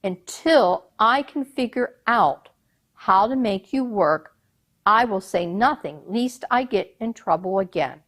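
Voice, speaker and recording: A woman's voice: mid-range voice, lively intonation, slow pace, fairly bright tone. A woman storyteller voicing a timid, fearful old man who mutters to himself and pleads anxiously. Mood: musing.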